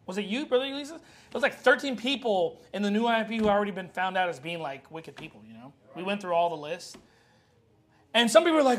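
A man preaching a sermon as pastor, animated and joking, acting out scenes from the Bible. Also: high-pitched, quick pace.

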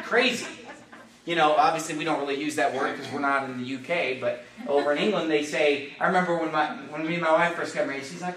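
A middle-aged man preaching a sermon as pastor, emphatic and excitable, his voice rising into shouts. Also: on the high side, brisk, crowd noise. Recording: echoey hall from far off, faint noise.

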